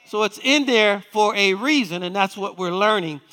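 High-voiced preacher in an echoing church. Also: male voice, sharp tone. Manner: preaching with call-and-response questions to the congregation; reads scripture aloud with emphatic, slowed quotes. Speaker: pastor. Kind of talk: sermon. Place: church sanctuary.

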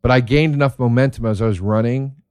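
A man who is a comedian telling stories in a casual monologue, excitable and profane, laughing as he talks. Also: medium pitch, fast, clear, resonant tone, no room sound, studio quality. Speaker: stand-up comedian.

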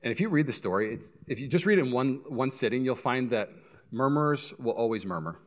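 A pastor preaching a sermon, telling stories with energy and speaking straight to the congregation. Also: male voice, mid-range voice, fast. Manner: animated storytelling, acts out voices, addresses congregation directly.

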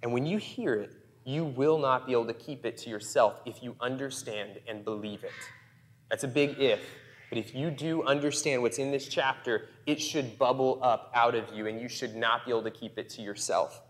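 A man's voice: mid-range voice, moderate pace, big-room sound. A male pastor preaching a sermon in a conversational, emphatic way, in a church sanctuary.

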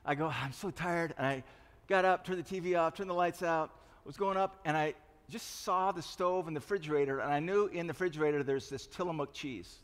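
A man's voice: a little high, a little fast. A man in his sixties preaching a sermon, telling confessional stories with self-mocking humor. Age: 60s. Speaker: pastor. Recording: long reverb of a large hall.

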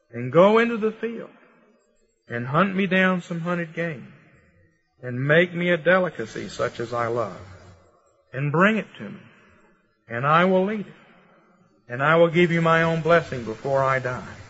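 A man's voice: fairly high pitch, fairly bright tone, slightly rough. A man giving a lecture to a class, reading scripture aloud in a rhythmic, flowing cadence with conversational asides. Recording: dull lo-fi recording.

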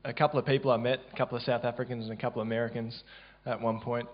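An Australian man recounts a church testimony in a loose, halting way, restarting often and filling pauses. His voice sits at an ordinary middle pitch, and the recording sounds dull and low-fidelity. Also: little pitch movement. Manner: casual, halting, many fillers and restarts. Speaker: church member sharing a testimony.

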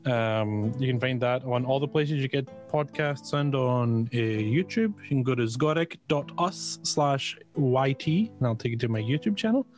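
A man's voice: medium pitch, expressive, normal speed, few pauses, a little mellow, faint music behind. A man introducing himself as a player and podcaster, jokey and upbeat. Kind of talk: casual chat.

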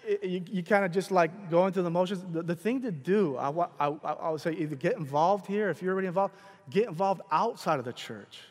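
A man preaching a sermon, telling a personal story in a casual, animated way with many fillers and restarts. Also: high voice, fairly quick. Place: large church hall. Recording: long hall reverb.

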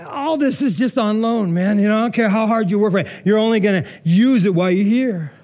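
A man's voice: high voice, fairly quick, a little mellow. A man preaching a sermon in a casual, conversational way, full of asides and rhetorical questions. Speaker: pastor.

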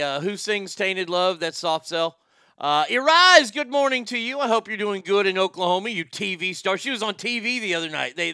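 A man with a fairly high, bright, forceful voice, recorded clean in a studio with no room sound, hosts a casual morning show. He reads listener messages aloud and rants, swearing plenty.

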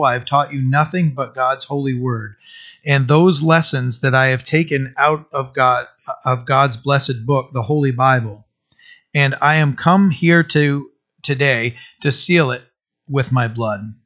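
A man reading a historical account aloud in an earnest, halting way, often stopping to restart or correct himself. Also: mid-range voice, a bit bright, highs cut off. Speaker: reader.

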